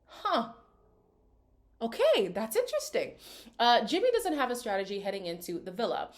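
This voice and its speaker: Lively, sassy woman doing reality TV recaps. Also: on the high side, moderate pace, long pauses. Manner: chatty with sassy asides. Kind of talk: casual reaction commentary reading cast bios.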